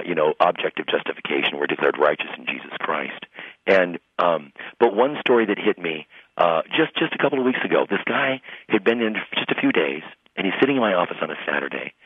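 A man who is a pastor, telling stories in a radio interview with lively retelling of conversations. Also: deep voice, slightly rough, dry recording. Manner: animated storyteller, acts out quoted voices. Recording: tinny phone-line sound.

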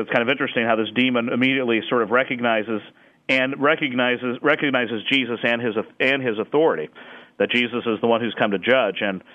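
A man's voice: mid-range voice, phone-quality sound. A man in conversation, explaining scripture in a thoughtful way and often stopping to restart with fillers. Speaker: Bible scholar guest.

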